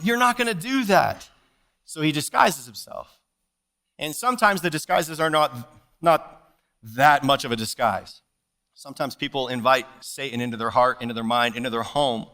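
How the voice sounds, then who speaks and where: A man preaching a sermon as pastor, animated and playful, slipping jokes and asides between scripture readings. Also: fairly high pitch. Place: church service.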